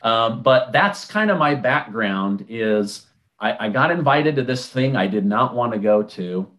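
Man telling a story with animated quoted dialogue. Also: medium pitch, a little slow. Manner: conversational, with many restarts and fillers. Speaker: interview guest. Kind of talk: casual storytelling.

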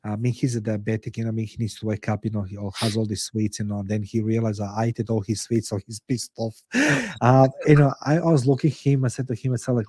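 A fairly low, slightly rough and somewhat mellow male voice moves at a quick pace in a clean studio recording without room sound. The speaker, a middle-aged author on a podcast, uses English as a second language and is earnest and blunt, swearing heavily as he talks emotionally.

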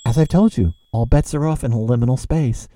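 A man lecturing on literature, animated, asking rhetorical questions and repeating phrases for emphasis. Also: mid-range voice, a little fast, dry recording, studio quality.

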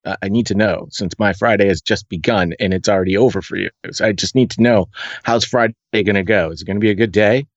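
An American man with a fairly low voice answers as a podcast guest. He talks in an animated, quick way with plenty of fillers and restarts. His audio is a little dull and dry, with no room sound. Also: dry recording. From United States. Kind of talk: casual conversational interview.

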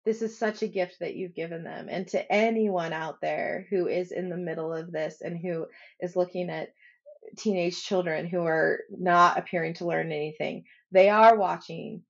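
A woman's voice: on the low side, steady tone, moderate pace, vocal fry, lo-fi sound. A woman in her forties telling a personal story in a casual interview, acting out the lines of her family and getting emotional as she goes. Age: 40s. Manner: emotional storyteller, acts out dialogue. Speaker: podcast guest.

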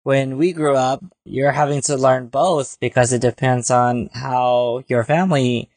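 A man's voice: mid-range voice, fairly even intonation, a little slow, a little mellow, dry recording. Chatty man, dry sound. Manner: chatty and rambling, with frequent fillers. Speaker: podcast co-host. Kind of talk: casual chat.

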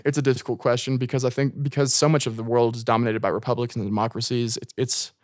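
A man's voice: mid-range voice, little pitch movement, quick pace, no room sound. Rambling young man, dry close sound. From United States. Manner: rambling, heavy filler words, frequent swearing. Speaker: guest. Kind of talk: casual podcast chat.

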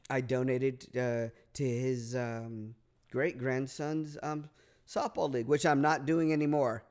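A man's voice: medium pitch, flat delivery, a little slow, a little mellow, smooth. A man telling a long story in casual podcast chat, rambling, repeating words, swearing and using lots of fillers. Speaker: podcast guest.

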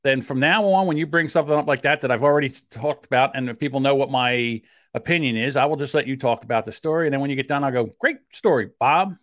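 A man with a South Jersey accent co-hosts a podcast in a casual, argumentative way. He gets defensive fast and pushes his pitch up when he presses a point. The sound is dry and close, with no room around it. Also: a bit bright, dry recording. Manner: defensive, heated, quick to rise in pitch; admits a short temper. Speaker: podcast co-host.

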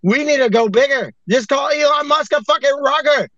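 A man with a high, tense-sounding voice rambles and swears as he hosts a casual online chat, plainly exasperated. The sound is dry and close, with dull, lo-fi audio. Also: moderate pace, a bit bright, no echo. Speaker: host.

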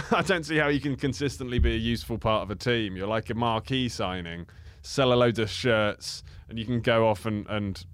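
A man's voice: medium pitch, no room sound. A man, a comedian guest in a casual, rambling, jokey podcast chat. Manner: rambling, jokey, quick asides.

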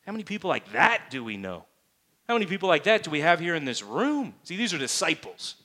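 A man's voice: on the high side, big pitch swings, fast talker, sharp tone. Emphatic male pastor preaching. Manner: emphatic, with many rhetorical questions. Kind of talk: sermon. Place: church.

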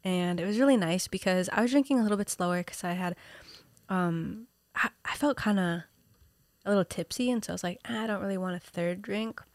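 A woman's voice: medium pitch, brisk, no echo. A young woman in casual chat, telling a story animatedly and dropping to a whisper for quoted lines.

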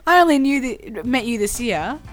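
A woman's voice: fairly high pitch, sing-song, normal speed, faint music behind. A young woman, a podcast guest in casual chat, rambling and giggly.

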